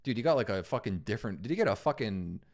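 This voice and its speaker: A man's voice: on the low side, very animated, fast. A man streaming live and reacting to videos, talking casually to his chat, rambling and swearing often. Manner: profane, rambling, easily distracted.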